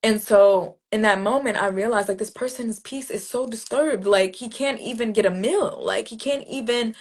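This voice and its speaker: A woman's voice: a little high, moderate pace. A woman poet being interviewed, telling a personal story in a casual, earnest way, with many "like"s and restarts. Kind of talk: reflective conversational storytelling.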